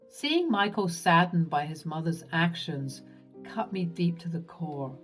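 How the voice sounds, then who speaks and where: A woman narrating a first-person drama story in an expressive, dramatic storytelling manner. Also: lowish voice, a little slow, slightly rough, faint music behind.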